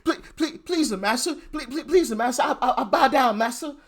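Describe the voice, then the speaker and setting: A man's voice: very high-pitched, brisk, a bit bright, pitched above the performer's own voice, full character voice. A man voicing a servile enslaved man who pleads and grovels before his master in a mocking impression. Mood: groveling.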